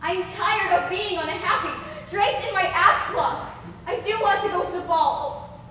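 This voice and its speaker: A woman's voice: very high-pitched, unhurried, bright, forceful tone, a little hiss or hum, exaggerated voice. Young actress as plaintive downtrodden girl, school play, heard from afar in a big echoey hall. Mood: wistful. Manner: wistful, plaintive. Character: sad, self-doubting young ash girl. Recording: echoey hall, far from mic.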